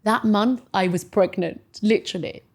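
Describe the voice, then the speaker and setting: Woman in her forties, podcast guest, lively storyteller, full of fillers, medium pitch. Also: normal speed. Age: 40s. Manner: animated storyteller, many "like"s, voices quotes high. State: emotional, near tears. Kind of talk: casual interview chat.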